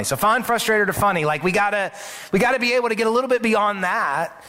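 A man's voice: sits high, lively intonation, quick pace, bright, forceful tone. A male pastor giving a sermon in a church, speaking in an earnest, conversational way and often restarting his sentences. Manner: earnest, conversational preaching with repeated words and restarts. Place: church sanctuary.

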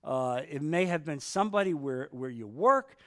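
A man's voice: fairly high pitch, animated, normal speed. A middle-aged man leading a Bible study, reading scripture aloud and breaking off into casual, humorous comments.

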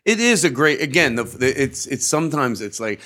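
A man's voice: medium pitch, sing-song, normal speed, fairly bright tone. A man, a comedian, chatting casually on a podcast, rambling through stories and acting out the people in them. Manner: rambling, restarts and acts out quoted voices. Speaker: comedian guest.

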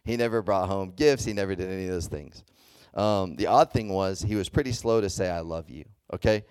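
Youth preacher, male, low voice; loose, chatty delivery, keeps checking the room. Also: brisk, darkish tone, clean tone, dry recording, studio quality. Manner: conversational, checks in often with "okay?" and "does that make sense?"; loose and chatty, with many fillers and restarts. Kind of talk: casual sermon to a youth group.

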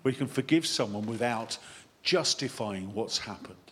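A man, a vicar, giving a lively sermon that wanders into chatty, self-mocking asides. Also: medium pitch, normal speed. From England. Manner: animated, chatty preaching with digressions and self-deprecating asides.

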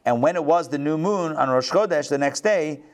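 A man with a somewhat high voice teaches a scripture class. He reads verses and explains them in a loose, conversational way, often restarting sentences mid-thought and adding quick side remarks. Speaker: Bible teacher.

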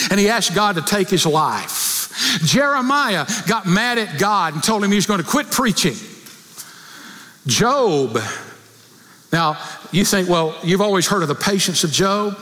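A man preaching a sermon, acting out prayers and rising to near shouts. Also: high voice, long reverb tail.

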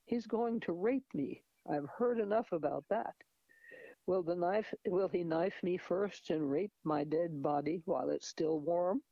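A woman's voice: fairly low pitch, measured pace, gravelly, no room sound, muffled recording. A man voicing a frightened young Mexican woman fighting off an attacker, with pleading, breathless cries. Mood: desperate.

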